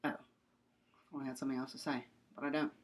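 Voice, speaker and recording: A woman's voice: very deep voice, flat delivery, fast, heavy background noise. A young woman presenting a comedic mock-science skit, rambling and mock-serious with playful asides. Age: young adult.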